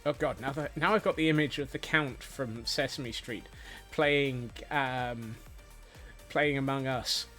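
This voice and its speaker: A man's voice: medium pitch, unhurried, bright, forceful tone. A man chatting casually while streaming a game, rambling and playful, with many fillers and restarts. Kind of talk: casual gameplay chat. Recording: faint music behind.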